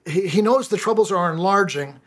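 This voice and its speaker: A man's voice: sits high, fairly quick, husky. A middle-aged man preaching a sermon as pastor, often stumbling and repeating words as he restarts his phrases.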